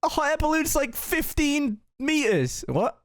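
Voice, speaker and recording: High, animated man arguing. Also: no echo, studio quality. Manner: incredulous, quick to argue. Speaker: podcast co-host. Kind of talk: casual podcast chat.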